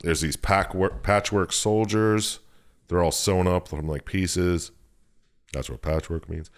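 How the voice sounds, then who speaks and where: A man's voice: sits low, fairly even intonation, slow pace. A man co-hosting a podcast, loosely retelling a story in casual chat, swearing freely and laughing often. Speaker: podcast co-host. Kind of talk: casual chat recapping a video game.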